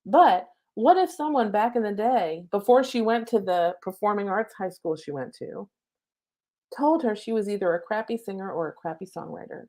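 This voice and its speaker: A woman's voice: medium pitch, animated, moderate pace, warm tone. A middle-aged woman, a spiritual coach, giving a live-streamed lesson from home on her laptop mic, casual, chatty and cheerfully profane.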